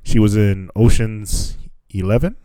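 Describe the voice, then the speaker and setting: A man's voice: lowish voice, measured pace, dark tone, no echo. A man co-hosting a podcast in loose, casual chat, swearing freely and laughing often. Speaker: podcast co-host.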